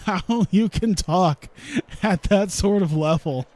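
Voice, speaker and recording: A man's voice: high voice, takes it slowly, a little mellow. A young man streaming a game, casually rambling through a story with frequent laughs and swearing. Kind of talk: casual gameplay commentary.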